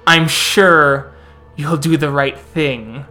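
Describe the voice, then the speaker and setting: A man voicing a cold, threatening vampire prince who speaks in a measured way. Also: a little high, pushed and bright, faint music behind, full character voice. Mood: gloating threat. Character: menacing vampire prince of the city, male.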